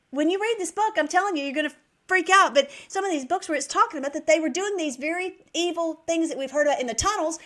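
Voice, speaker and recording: A woman's voice: sits high, fairly bright tone. A woman preaching an informal online sermon, emphatic and repetitive, often checking in with her listeners.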